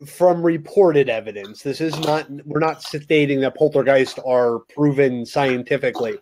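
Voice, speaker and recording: A man's voice: mid-range voice, normal speed, a little mellow, slight background noise. A man co-hosting a casual podcast, explaining things steadily with lots of "you know" fillers. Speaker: co-host.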